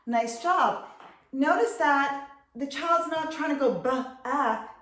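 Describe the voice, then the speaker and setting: A middle-aged woman, a reading tutor, patiently explaining and clearly sounding out syllables in an instructional video. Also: high-pitched, slow, fairly bright tone. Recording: echoey room.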